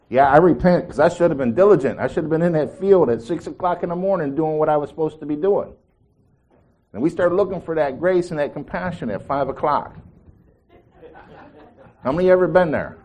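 A man's voice: a little high, lively intonation, fast talker, darkish tone. A man preaching a sermon, telling a story with quoted voices and asking the congregation questions.

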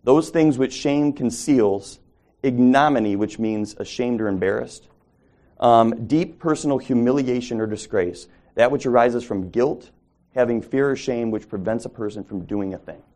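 Mellow-voiced man teaching Bible study. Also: medium pitch, moderate pace. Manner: conversational, asks the group questions, self-corrections.

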